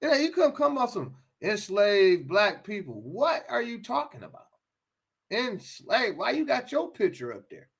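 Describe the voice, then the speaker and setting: A man's voice: high voice, big pitch swings, unhurried, gravelly, breathy edge. An American man giving an impassioned talk, emphatic, often repeating and restarting his phrases. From United States.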